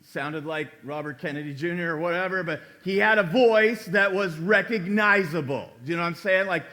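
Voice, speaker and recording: A male pastor preaching a conversational sermon in a church, acting out quoted lines with sudden jumps in pitch and loudness. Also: moderate pace. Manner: conversational preaching, acts out quoted dialogue with big pitch swings.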